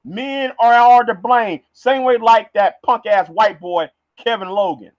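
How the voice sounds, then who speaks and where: A man's voice: very high voice, unhurried, dry recording. A man ranting on a livestream, heated and stammering, repeating words as he goes. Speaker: vlogger.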